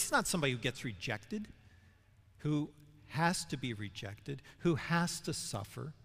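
A man's voice: on the high side, a bit bright. A man giving a Bible teaching sermon, asking questions and building to emphatic peaks. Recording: long hall reverb.

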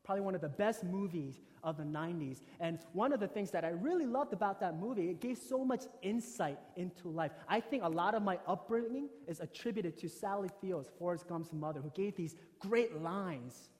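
A male pastor with a high-pitched voice delivers a sermon, moving between emphatic, ringing statements and quiet, near-whispered passages. His words trail off into a long reverb from a church sanctuary. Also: normal speed, hardly any pauses.

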